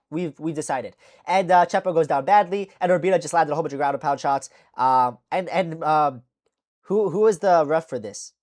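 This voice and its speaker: A woman with a fairly low voice hosts a casual fight recap vlog. She talks loosely and profanely, rambling through each fight and correcting herself mid-thought. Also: darkish tone. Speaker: MMA channel host.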